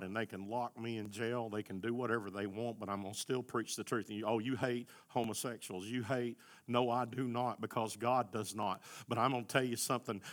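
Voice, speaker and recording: A middle-aged man, preaching a sermon as pastor, rising to shouts at the high points. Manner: impassioned, shouting at peaks.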